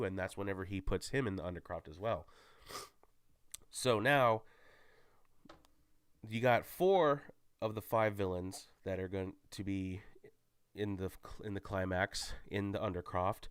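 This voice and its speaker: A man's voice: deep voice, a little slow, pauses often, clear, resonant tone, no room sound. A man giving a casual, rambling movie spoiler recap, often stopping to correct himself. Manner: rambling, self-correcting, many restarts. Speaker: movie reviewer.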